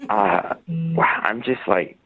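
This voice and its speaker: A man on a call to a radio show, speaking slowly and haltingly. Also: on the low side. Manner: slow, halting. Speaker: caller on the phone. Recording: tinny phone line.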